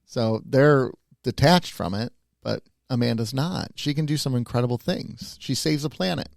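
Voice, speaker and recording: A man's voice: medium pitch, normal speed, vocal fry, darkish tone, no echo, studio quality. A man co-hosting a casual podcast, musing aloud and often checking in with "right?". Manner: musing, thinks aloud with many "right?" tags. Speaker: podcast co-host. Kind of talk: casual chat.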